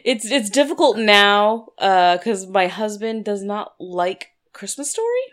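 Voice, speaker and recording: A woman chatting casually as a podcast co-host, self-deprecating and quick to laugh. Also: mid-range voice, sing-song, fairly bright tone. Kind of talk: casual chat.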